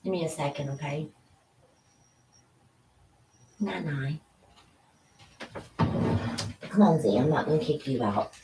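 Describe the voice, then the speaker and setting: Low-voiced woman tarot reader. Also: lively intonation, a little fast, mellow, slight background noise, poor audio. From Louisiana. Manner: loose, chatty, sidetracked by her dogs. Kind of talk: spiritual tarot reading to camera. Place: home room with dogs nearby. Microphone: camera.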